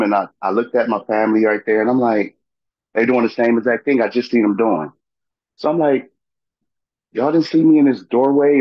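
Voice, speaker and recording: A middle-aged man, a podcast guest, telling a personal story in a halting way, with many fillers and restarts. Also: medium pitch, dry recording, dull audio.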